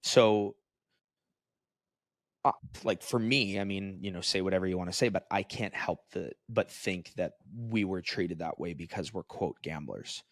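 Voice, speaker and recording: A man in his thirties co-hosting a podcast, telling a story in a casual, animated way. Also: low-pitched, unhurried, dry recording, clean studio sound. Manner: storytelling, animated when quoting others. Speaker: podcast co-host.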